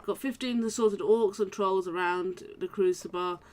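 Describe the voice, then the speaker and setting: A woman's voice: mid-range voice, fairly even intonation, unhurried, a little mellow, a little hiss or hum, lightly acted. A woman reading the lines of a kind, earnest male orc charity worker in a video game, in a formal, earnest manner. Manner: formal, earnest read-aloud dialogue.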